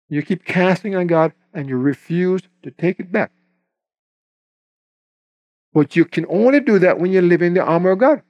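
A man preaching a sermon, emphatic, slipping into quick acted-out voices for the people and the devil he quotes. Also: high voice, dry recording.

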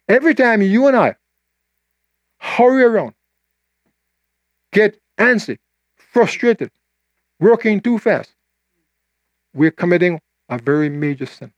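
An older man preaching a sermon, telling a story and voicing its people, then slowing down to read scripture. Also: no echo. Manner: animated storyteller, quoting voices with rising pitch, slowing for scripture.

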